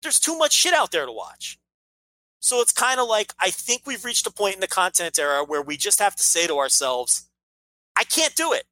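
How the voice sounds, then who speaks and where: A man's voice: sits high, sing-song, moderate pace, sharp tone, dry recording, low-quality recording. A man co-hosting a casual podcast, ranting emphatically with frequent swearing and restarts. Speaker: podcast co-host.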